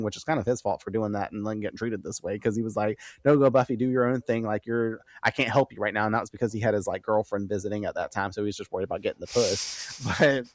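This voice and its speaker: A young man hosting a podcast, recapping an episode in an animated, chatty and profane way. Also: lowish voice, no echo. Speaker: podcast host.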